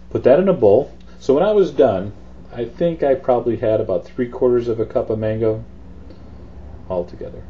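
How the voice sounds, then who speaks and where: A man's voice: lowish voice, dull audio, a little hiss or hum. A man hosting a cooking demonstration, talking through each step in a chatty, easygoing way. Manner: chatty, relaxed instruction with fillers. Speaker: cooking show host.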